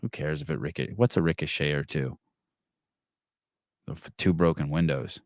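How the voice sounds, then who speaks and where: A middle-aged man hosting a podcast, telling a story in casual, profane, animated talk. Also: extremely low pitch, moderate pace, dry recording, studio quality. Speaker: podcast host. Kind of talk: casual storytelling and reading comments.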